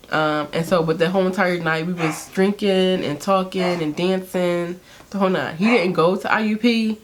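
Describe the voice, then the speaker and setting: A woman's voice: on the low side, slight background noise. A young woman casually telling a candid, sarcastic story to camera, laughing often and using slang. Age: young adult. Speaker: beauty vlogger telling a story.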